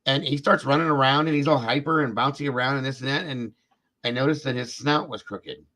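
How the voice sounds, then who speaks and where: Slightly fast and forceful, with a bright tone at an ordinary middle pitch, a man hosting a live true-crime show tells a meandering story. He repeats himself, drops fillers like "this and that," and speaks to viewers directly.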